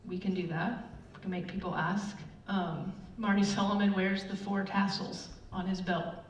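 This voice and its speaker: A woman's voice: mid-range voice, moderate pace. A middle-aged woman giving a casual sermon, telling chatty personal stories with lots of fillers. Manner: chatty, animated storytelling with many fillers. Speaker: church speaker. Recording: roomy, distant, dull with faint room noise.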